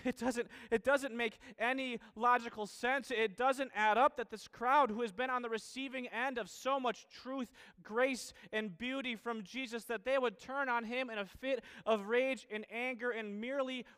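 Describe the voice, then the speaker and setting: A man preaching a sermon, earnest, asking the same questions again and again with pauses and restarts. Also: very high voice, fairly even intonation, sharp tone, smooth.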